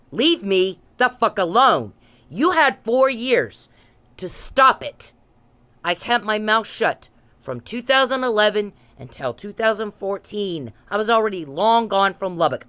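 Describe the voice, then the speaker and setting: An angry woman in her thirties vents straight to the camera, cursing and hammering the same demands again and again. Her voice sits at a middle pitch but swings widely, rising and dropping sharply as she presses each point. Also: a bit bright. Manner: confrontational, swearing, repetitive demands. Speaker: vlogger. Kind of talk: angry direct-to-camera rant.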